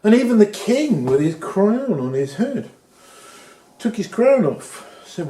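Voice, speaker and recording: Male storyteller, children's story, animated, lively pitch, roomy echo. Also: slow pace. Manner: animated, playful. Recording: echoey room.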